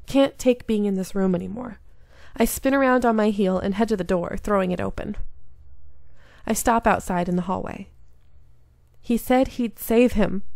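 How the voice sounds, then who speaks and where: A woman reading a story game aloud in an earnest, invested way. Her mid-range voice has a gravelly fry to it. The sound is dry and close. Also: medium pitch, darkish tone, no echo. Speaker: game streamer.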